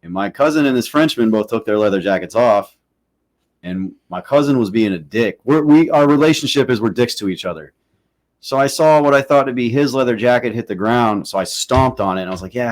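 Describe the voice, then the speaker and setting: A man's voice: mid-range voice, fairly quick. A man co-hosting a podcast, talking in a casual chat and rambling through stories, swearing freely and laughing at his own tales. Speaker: podcast co-host.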